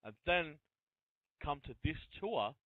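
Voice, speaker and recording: A man hosts an interview in long, chatty, run-on turns, his voice fairly high. The sound is dry and thin, like a phone line. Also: animated, slow, no echo. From Australia. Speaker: interview host. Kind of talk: casual interview talk. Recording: tinny phone-line audio.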